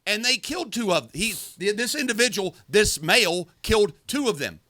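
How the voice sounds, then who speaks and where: A man co-hosts a podcast in forceful, preachy, profane talk. His voice is bright and a little high. The recording is dry and close. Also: animated, moderate pace, dry recording. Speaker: podcast co-host. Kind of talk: heated casual talk.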